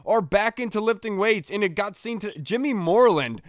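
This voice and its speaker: Laid-back young man, slightly high. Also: animated, a little fast, dry recording, studio quality. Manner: laid-back, says "dude" a lot. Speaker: podcast co-host. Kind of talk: casual sports chat.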